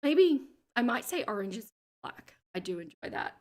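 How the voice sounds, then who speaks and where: An Australian woman hosting a livestream, chatting casually as she reads viewer comments aloud, with vocal fry in her lower register and frequent laughter. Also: big pitch swings, moderate pace, darkish tone. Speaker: livestream host.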